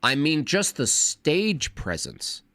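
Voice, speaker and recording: Guy rambling fast on his stream, lots of restarts, pitch jumps around. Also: huge pitch swings, bright, forceful tone, no room sound. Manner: fast, wordy, frequent restarts. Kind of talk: casual livestream commentary.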